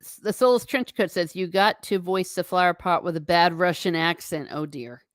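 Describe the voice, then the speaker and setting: A woman's voice: fairly low pitch, normal speed, no room sound, clean studio sound. A woman hosting a live stream, chatting casually and reading viewer comments aloud with frequent laughs. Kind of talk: casual chat. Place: home.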